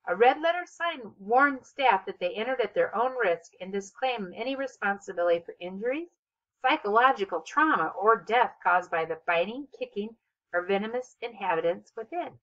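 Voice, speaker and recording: A woman reading a children's novel aloud as narrator, with expressive, steady storytelling. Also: medium pitch, normal speed, dull audio. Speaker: audiobook narrator. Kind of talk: scripted narration.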